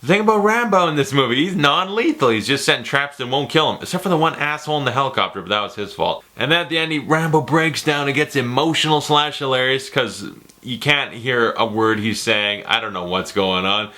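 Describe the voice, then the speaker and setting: A man giving a casual, jokey movie ranking, excitable and profane. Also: mid-range voice, brisk. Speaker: movie reviewer.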